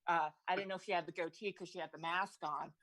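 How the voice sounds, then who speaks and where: A woman's voice: fairly low pitch, fairly even intonation, quick pace, fairly bright tone, poor audio. A comedian telling a rambling stand-up story, restarting her sentences and laughing at her own lines. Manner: rambling, self-interrupting, laughs through lines.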